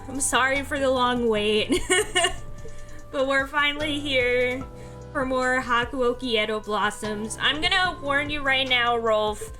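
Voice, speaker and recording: Slow-talking sleepy woman streamer. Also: high voice, pushed and bright, faint music behind. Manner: rambling, chatty, laughs often. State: sleepy, yawning. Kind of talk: casual livestream chat.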